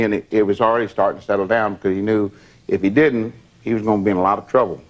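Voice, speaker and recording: An older man, a former bodyguard, telling stories in a plain, steady way during a candid interview. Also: on the low side, rapid-fire.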